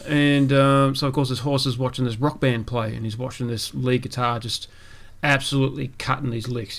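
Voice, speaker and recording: A man hosting a gaming podcast, telling a long joke in a rambling, casual way with many asides. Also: medium pitch. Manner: rambling, lots of fillers and asides. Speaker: podcast host.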